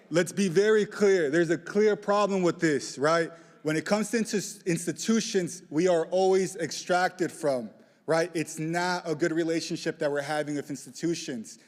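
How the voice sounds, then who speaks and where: A young man giving a lively lightning talk, joking with the audience and pushing them into call-and-response. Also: a little high. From southeast side of Chicago. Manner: playful, rallying crowd call-and-response. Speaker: community organizer speaker. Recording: reverberant hall, live talk.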